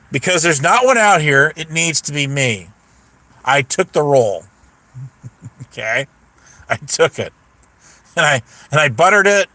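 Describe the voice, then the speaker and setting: Man, livestream rant, cursing, bright edgy tone. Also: a little high, normal speed, no echo. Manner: profane, animated storytelling, mocking impressions. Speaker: YouTube livestream host. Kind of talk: casual rant to live chat.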